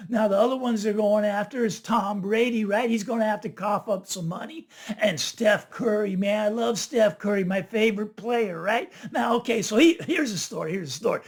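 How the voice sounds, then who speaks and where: A man hosting his own finance channel, talking to camera in a casual, animated monologue and tagging his points with "right?". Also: sits high, moderate pace. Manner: animated, chatty, keeps asking "right?". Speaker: finance video host.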